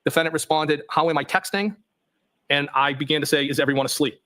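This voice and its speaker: Slightly high-voiced guy on the witness stand reading texts out loud, says the question marks too. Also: quick pace. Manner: reads plainly, voicing punctuation marks. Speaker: trial witness. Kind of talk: reading text messages aloud on the stand. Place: courtroom.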